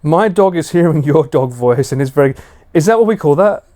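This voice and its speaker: Casual male streamer at home, mellow tone, very lively pitch, coos in dog baby talk. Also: fairly quick. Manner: slips into high sing-song baby talk for a dog. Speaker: live streamer. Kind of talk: casual live-stream chat. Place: at home late at night.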